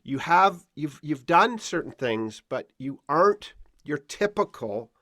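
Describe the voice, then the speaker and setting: A man's voice: on the high side, very animated, a little slow, fairly bright tone, no room sound, studio quality. A man hosting a podcast, introducing his guest in a playful, teasing way. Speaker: podcast host. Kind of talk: conversational interview.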